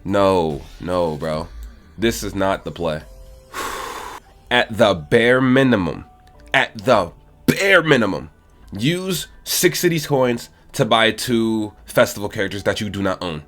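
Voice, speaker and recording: Young man, game commentary, fairly low voice, blunt, exasperated, swears, faint background music. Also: expressive, takes it slowly, fairly bright tone. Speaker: game account reviewer. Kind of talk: casual gaming commentary.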